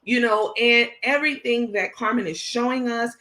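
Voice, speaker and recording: Bright-voiced indignant New York woman. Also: a little high, fairly even intonation, normal speed. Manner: indignant, emphatic, reads messages aloud. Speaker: host. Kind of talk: livestream commentary.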